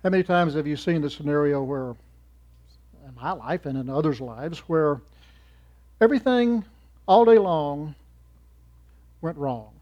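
A man giving a sermon in church, swinging from loud emphatic rises to soft trailing endings. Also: fairly high pitch, expressive, measured pace, pauses often. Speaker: church speaker. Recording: muffled lo-fi recording.

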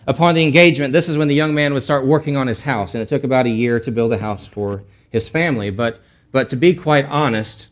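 Conversational male Bible teacher. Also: medium pitch. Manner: casual and explanatory, with frequent restarts and asides.

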